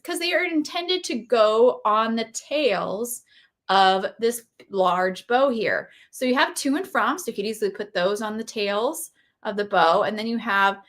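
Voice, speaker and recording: Brief: fairly high-voiced woman, enthusiastic live crafting demo host, casual and gushy. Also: a bit bright. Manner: chatty and enthusiastic, gushing over products. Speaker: craft product demonstrator. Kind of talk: casual live product walkthrough.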